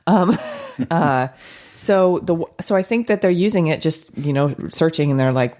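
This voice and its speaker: A woman's voice: rumbling low, normal speed, mellow. A woman hosting a podcast in a studio, a counselor who chats frankly and laughs often. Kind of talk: casual podcast chat.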